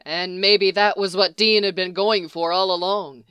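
Slow, bright-voiced storyteller. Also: mid-range voice, fairly even intonation, clean tone, dry recording. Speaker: narrator. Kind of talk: audiobook reading of fan fiction.

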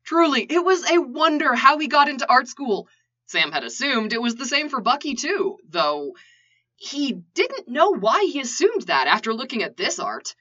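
Woman reader, playful storytelling, bright lively voice, dull lo-fi sound. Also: high voice, moderate pace, slightly rough. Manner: playful, animated, asides. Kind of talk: storytelling narration. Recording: lo-fi dull recording.

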